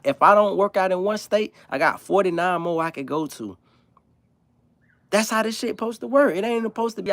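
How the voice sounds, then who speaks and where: A man's voice: a little high, no room sound. Blunt, profane man ranting on a livestream. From South Florida. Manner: blunt, profane, animated storytelling. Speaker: livestream host. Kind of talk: casual opinionated monologue.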